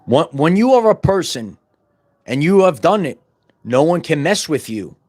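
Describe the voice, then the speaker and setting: Brief: fervent middle-aged male podcast host, fairly high voice, repetitive, stumbling, bursts loud. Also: sing-song, normal speed. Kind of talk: impassioned spiritual monologue.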